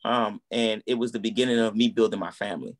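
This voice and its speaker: Animated man telling his story. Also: on the low side, quick pace. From United States. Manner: animated, acts out quoted dialogue. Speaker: guest, musician and minister. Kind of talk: casual conversational storytelling.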